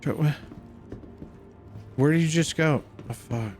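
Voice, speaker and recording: A man's voice: on the high side, a little slow, darkish tone. A young man streaming a space game, giving casual commentary full of cursing, jokes and laughter. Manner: profane, joking, laughs often, calls everyone dude. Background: game music.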